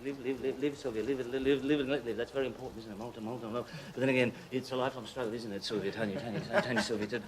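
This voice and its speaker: An actor playing an eccentric, childlike young man who rambles nonstop, repeating his words in a rapid stream of chatter. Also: medium pitch, steady tone, lightly acted. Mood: manic rambling.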